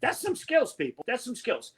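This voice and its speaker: Loud cussing comic guy on a zoom call, high bright voice jumping all over. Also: wildly swooping pitch, normal speed, slight background noise. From Connecticut. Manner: loud, brash and profane, with sudden shouted bursts. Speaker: stand-up comedian. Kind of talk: stand-up comedy set over video call. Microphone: video call.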